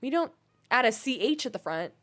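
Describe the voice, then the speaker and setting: Faint music plays behind a young woman whose fairly bright voice sits on the high side, swinging widely in pitch at a slightly fast pace. As she streams a game, she's bubbly and giggly, reading out chat and pondering how words are pronounced in casual talk with viewers.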